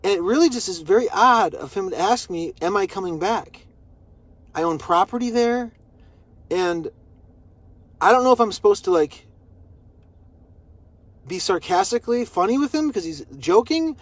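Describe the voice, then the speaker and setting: A man's voice: high-pitched, expressive, normal speed, pauses often, no room sound. A man recording a personal video message, rambling and repeating himself as he vents his frustration. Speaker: vlogger.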